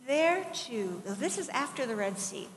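Woman pastor, middle-aged, fairly high voice, chatty animated sermon delivery, echoing hall, faint hiss behind. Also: normal speed. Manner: conversational, animated, with asides and acted-out quotes. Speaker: preacher. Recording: long hall reverb, faint background noise.

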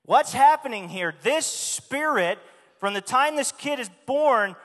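High-voiced man preaching in a reverberant hall. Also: lively intonation, measured pace, a bit bright. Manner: emphatic, asks the congregation questions. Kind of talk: sermon.

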